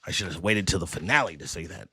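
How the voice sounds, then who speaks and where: A low-voiced man rambles through a loose, jokey streamer chat and curses freely. His pitch swings widely from one phrase to the next. The sound is close and dry. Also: expressive, fast talker, sharp tone, slightly rough, dry recording. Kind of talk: casual chat.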